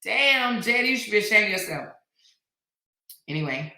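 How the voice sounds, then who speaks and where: Loud, laughing woman host in an echoey room. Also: mid-range voice, lively intonation, moderate pace. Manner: loud, laughing, teasing, swearing. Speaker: commentary channel host. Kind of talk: casual gossip chat reading live comments.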